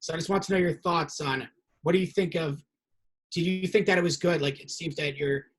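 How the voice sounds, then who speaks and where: A young man hosting a casual interview, who tells animated stories and acts out the quotes in them. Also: on the high side, a little fast, husky, poor audio. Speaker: podcast host.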